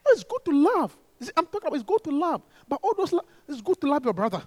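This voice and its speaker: Male preacher, strikingly high voice with lively swings, close dry sound; animated sermon, laughing, breaking into shouts. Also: fast talker, no room sound.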